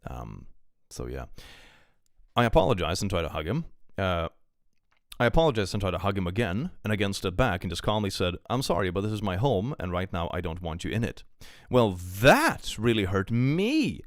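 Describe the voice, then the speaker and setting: A young man with a low voice that climbs and dips freely reads online posts aloud on his live stream. He stops to rant about them and swears freely. The sound is dry and close to the mic. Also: animated, fairly quick, no echo. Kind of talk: casual live-stream commentary.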